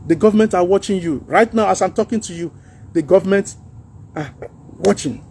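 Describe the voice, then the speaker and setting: Man, Nigerian accent, middle-aged, livestream host, preachy and earnest, mixes in pidgin, raspy, high pitched. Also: brisk, darkish tone. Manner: earnest, preachy, mixing pidgin, laughs at his own jokes. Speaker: social media livestream host. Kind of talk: casual political talk livestream.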